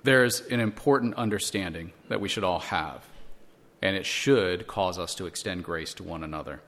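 A man's voice: deep voice, moderate pace, fairly bright tone. A man teaching a church Bible lesson, earnest and explanatory, using rhetorical questions and frequent restarts.

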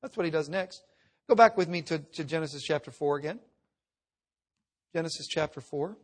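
A middle-aged man preaching a sermon, swinging from loud emphatic reading to hushed, intense asides. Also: a little high, normal speed. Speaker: pastor.

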